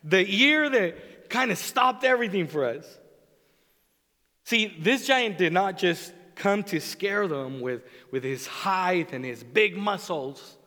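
A man preaching a sermon as a pastor, speaking in an animated way and acting out the voices he quotes. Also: high voice, takes it slowly. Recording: long reverb of a large hall.

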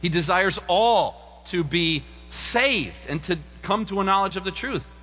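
A middle-aged man preaching a sermon as pastor, animated and acting out voices in the stories he tells. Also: measured pace, a little hiss or hum. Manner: animated, acts out quoted voices with big pitch jumps. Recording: long reverb of a large room.

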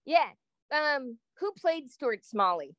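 A woman's voice: high-pitched, big pitch swings, slow pace, fairly bright tone, no echo. A woman speaking as a guest with her brother, chatty and blunt, laughing often. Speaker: guest, host's sister. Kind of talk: casual chat.

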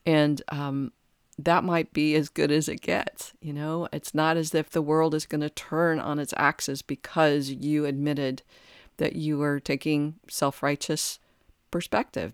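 A podcast host giving a reflective spiritual talk, thoughtful and halting, often restarting phrases. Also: medium pitch, smooth, no echo, studio quality.

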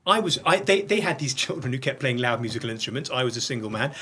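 A man's voice: mid-range voice, lively intonation, fast talker, pushed and bright, a little hiss or hum. A middle-aged man talking as an interview guest, blunt and profane, tumbling over restarts as he speaks. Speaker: podcast guest. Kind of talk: candid interview conversation.

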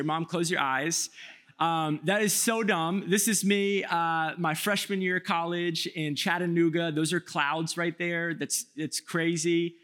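A man's voice: on the high side, a bit bright. A man in his thirties, a pastor, preaching a sermon in a joking, self-mocking storytelling way with acted-out quotes.

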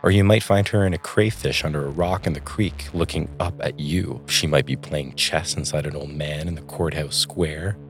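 A man reading aloud voicing a stern middle-aged mother who talks in sharp, clipped snaps. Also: a bass voice, moderate pace, few pauses, soft background music. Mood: curt.

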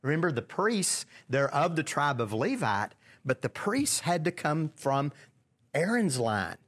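A man's voice: on the high side, big pitch swings, measured pace, a bit bright. Man leading a casual Bible study. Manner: conversational, asks the group questions, many restarts.

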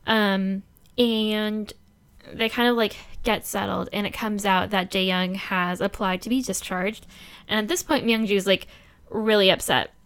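A woman talks through a drama episode in a relaxed chat. Her voice is clear and smooth, and she laughs easily as she rattles off quoted lines from the characters. She's chatty and easygoing. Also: mid-range voice, unhurried. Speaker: podcast co-host recapping a drama. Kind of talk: casual chat.

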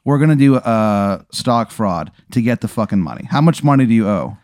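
Excitable animated man improvising. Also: fairly low pitch, normal speed, no room sound, clean studio sound. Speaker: player. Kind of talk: improvised comedy role-play.

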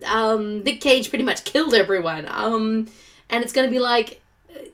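A woman co-hosting a podcast, talking about films in an animated, opinionated, chatty way. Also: fairly high pitch, moderate pace. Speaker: podcast co-host. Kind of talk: casual chat about movies.

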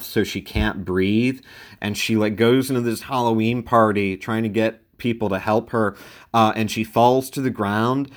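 A man casually reviewing a film out loud, rambling and wry, with many filler sounds between thoughts. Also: mid-range voice.

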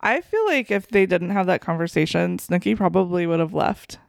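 A woman co-hosting a podcast, casual and agreeable, often chiming in with quick "yeah"s. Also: lowish voice, expressive, vocal fry, no room sound, clean studio sound. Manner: giggly, agreeable backchannels. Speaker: podcast co-host. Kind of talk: casual chat, TV show recap.

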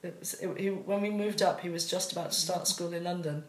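Woman guest, relaxed chatty delivery with frequent laughs, slightly low, roomy recording. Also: fairly quick, slight background noise. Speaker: guest artist. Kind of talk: casual chat. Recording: roomy echo.

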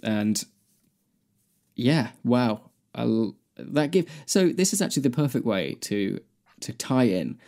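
A man's voice: medium pitch, takes it slowly, creaky. A man, a podcast co-host, reading a fan fiction aloud. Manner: deadpan reading, breaking into laughter.

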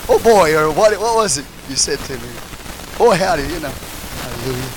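A man preaching a sermon, swinging between shouted call-and-response lines and low, quiet asides to the congregation. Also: lively intonation, brisk, a little hiss or hum, low-quality recording. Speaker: pastor.

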